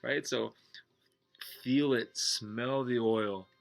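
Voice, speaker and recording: A man teaching meditation in a casual, blunt way, swearing and joking, and going soft and slow when he guides the breathing. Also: on the low side, soft background music. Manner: slows and softens when guiding breathing. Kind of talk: casual explanatory talk.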